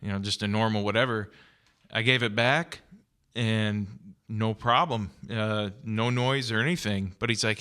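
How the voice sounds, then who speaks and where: A man with a bright, forceful voice, pitched a little low, co-hosting a casual guitar podcast. He talks in a chatty, explaining way and tells stories as he goes. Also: steady tone, measured pace, clear, resonant tone. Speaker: podcast co-host. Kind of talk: casual chat.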